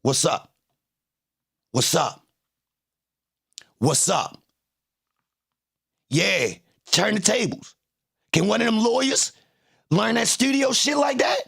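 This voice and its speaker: Gravelly husky guy hosting a live stream, bouncy pitch, cocky and cussing. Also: takes it slowly, long pauses. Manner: animated, boastful, profane trash talk. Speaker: livestream host. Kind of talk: casual livestream commentary.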